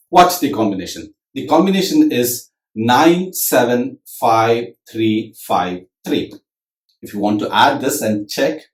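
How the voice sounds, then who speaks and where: A man's voice: lowish voice, a little mellow, recorded from a distance. Man counting out drum rhythms. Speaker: percussion teacher. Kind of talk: demonstrating rhythm lesson. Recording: roomy echo with drum music.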